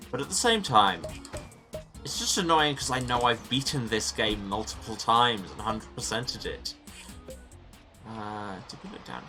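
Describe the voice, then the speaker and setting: A man with a lowish voice hosts a let's play, offering chatty, self-mocking commentary on the game from a small sealed room. He mutters to himself as he plays.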